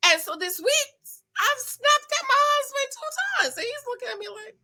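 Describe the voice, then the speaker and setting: A woman's voice: extremely high pitch, animated, moderate pace, sharp tone, rough recording. A middle-aged woman, chatting casually as a show recap host, emphatic and preachy, talking straight to her viewers. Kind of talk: casual chat.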